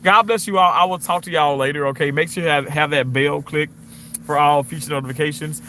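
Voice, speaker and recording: This Mississippi man talks a little fast as he livestreams from a car, playfully reading the chat's comments out loud. Excitement sends his voice swinging high, and there's slight hiss or hum on the recording.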